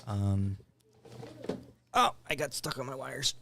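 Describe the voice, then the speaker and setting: A man's voice: medium pitch, slow pace, vocal fry, background noise. A man co-hosting a casual talk show, laid-back and rambling, often laughing. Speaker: podcast co-host. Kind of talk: casual chat.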